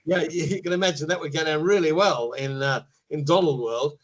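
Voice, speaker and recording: A man talks as a guest on a podcast interview, with a voice that sits a touch higher than most men's. He explains things in a measured way and often pauses to rephrase a thought before carrying on. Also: a bit bright, low-quality recording. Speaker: media trainer guest.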